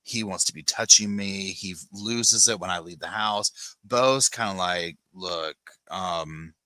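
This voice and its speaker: Guy doing a live chat from his couch, deep but bright voice, rambly, says "like" a ton. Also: unhurried, no room sound. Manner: rambling, chatty, lots of "like" fillers, greets chatters by name. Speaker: podcast host. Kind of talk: casual live-stream chat with viewers. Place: home, on a sofa with dogs nearby.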